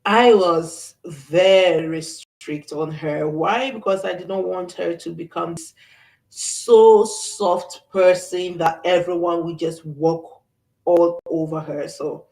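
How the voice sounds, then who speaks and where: A woman's voice: fairly low pitch, steady tone, takes it slowly, vocal fry, a little mellow. Middle-aged woman host, earnest and reflective, a bit distant from the mic in a roomy space. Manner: earnest, reflective, with many fillers and restarts. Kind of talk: faith-based talk. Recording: echoey room, voice off-mic.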